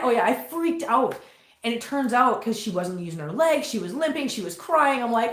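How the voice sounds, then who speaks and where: A woman's voice: animated, brisk. Chatty woman in an echoey room. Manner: chatty, coos at the cats in a high sing-song voice. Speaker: host. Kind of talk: casual livestream chat. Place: home room full of cats. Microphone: laptop mic.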